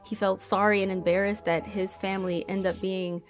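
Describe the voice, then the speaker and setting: A woman's voice: mid-range voice, level tone, normal speed. A woman telling a story in an easy, chatty way, her voice in a middle register. She slips into the people in the story, quoting them as she goes, and keeps saying "like". Faint music plays behind her. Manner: chatty, retells stories acting out quotes with frequent "like". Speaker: storytime host. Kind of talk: casual storytelling.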